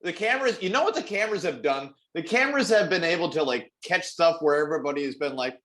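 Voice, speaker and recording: High, animated ranting podcast man. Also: fast, few pauses. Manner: animated ranting with profanity and mock voices. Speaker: podcast co-host. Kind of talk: casual podcast chat.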